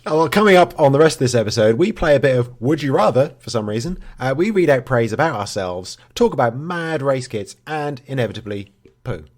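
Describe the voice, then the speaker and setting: A man's voice: mid-range voice, animated, a little fast. A man co-hosting a podcast, teasing his co-host with dry humour and reading out listener messages. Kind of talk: casual chat.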